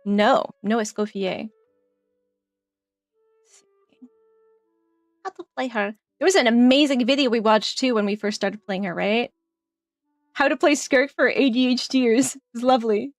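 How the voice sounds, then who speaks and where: A woman's voice: fairly high pitch, moderate pace, no echo, studio quality, soft background music. A woman casually commenting while playing a game on stream, chatty and laughing often, trailing off as she thinks.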